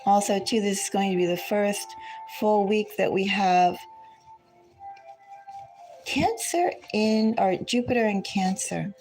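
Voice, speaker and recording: A woman talks through tarot messages in a relaxed, unhurried way. Her voice has a gravelly fry to it, and she often wanders into friendly asides. Soft music plays faintly behind her. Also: medium pitch. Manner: unhurried, chatty, drifts into asides. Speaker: tarot reader. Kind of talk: casual spiritual reading chat. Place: at home.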